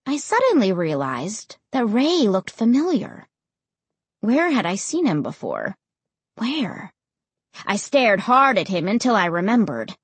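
A woman narrating a children's story as an audiobook reader, with an expressive, lively delivery. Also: medium pitch, unhurried, slightly rough, no echo.

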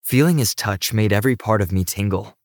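A man narrating an audiobook in a steady, even storytelling manner. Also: lowish voice, fairly quick, dry recording, studio quality.

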